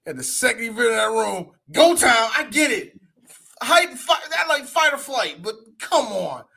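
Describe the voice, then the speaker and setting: High, bright-voiced man ranting with laughs. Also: normal speed, gravelly, husky. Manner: animated, laughing, profane, ranting. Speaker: podcast co-host. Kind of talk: casual chat. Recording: audio podcast.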